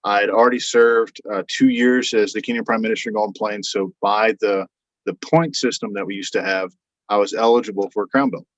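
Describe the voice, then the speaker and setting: A man's voice: a little fast, no echo. A man telling a long anecdote as a guest, in a casual, rambling way, acting out what others said. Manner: rambling, animated retelling with quoted voices and frequent fillers. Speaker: podcast guest. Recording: dull, dry low-fidelity sound.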